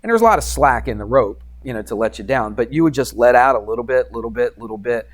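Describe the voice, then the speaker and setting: A male math teacher telling a classroom story in a lively lecture, acting out quoted voices and sound effects for his students. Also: medium pitch, fast talker.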